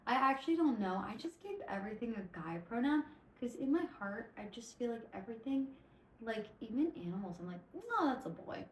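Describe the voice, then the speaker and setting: A woman hosting a casual storytelling podcast, tipsy from vodka, retelling stories in an animated, rambling way with swearing and stumbling self-corrections. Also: a little high, a little fast, reverberant, low-quality recording. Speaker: podcast host.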